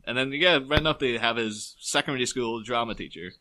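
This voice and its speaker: Bright-voiced man rambling about films. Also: medium pitch, fast. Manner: animated, rambling with many fillers and restarts. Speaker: podcast co-host. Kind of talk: casual film discussion.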